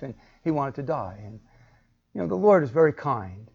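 A man's voice: medium pitch, very animated, moderate pace, creaky, darkish tone, husky. A man teaching a Bible class, asking the group questions and acting out the lines he quotes. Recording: muffled lo-fi recording.

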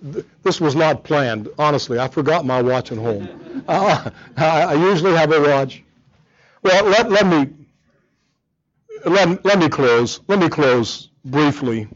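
Over dull audio, a man with a slightly high voice preaches earnestly and emphatically. He repeats words often as he drives each point home.

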